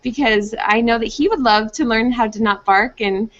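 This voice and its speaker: Lively young woman, muffled call audio. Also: a little high, normal speed. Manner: animated, acts out dogs' thoughts in playful voices. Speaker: pet trainer guest. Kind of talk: conversational expert advice. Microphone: video call. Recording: muffled, dull online video call audio.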